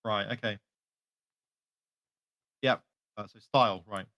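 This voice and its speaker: A man's voice: on the low side, fairly even intonation, slow, no echo, muffled recording. A man playing a tabletop game, hesitant and asking questions about the rules. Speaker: player.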